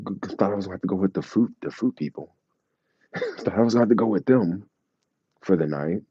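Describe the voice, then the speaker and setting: A man casually telling his travel stories to a live chat, slangy and animated, acting out the people he quotes. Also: sits low, breathy edge, dry recording, dull audio. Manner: animated, acts out quoted voices, laughs, slangy.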